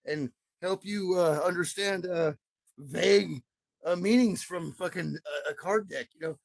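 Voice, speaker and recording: A middle-aged man's high voice, with vocal fry, moves at an unhurried pace as he livestreams from home. He rambles on, swearing often and repeating his words.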